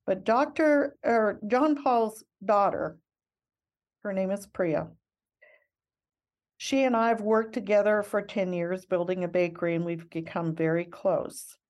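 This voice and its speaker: Older lady missionary sharing her story, heartfelt and reflective, middle pitch. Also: measured pace, a little mellow. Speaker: missionary guest. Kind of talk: interview storytelling.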